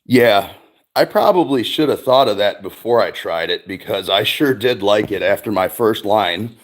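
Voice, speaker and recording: A man's voice: fairly low pitch, animated, normal speed. Profane, rambling middle-aged man. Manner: profane, rambling storytelling with many fillers. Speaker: streamer host. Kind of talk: casual livestream chat.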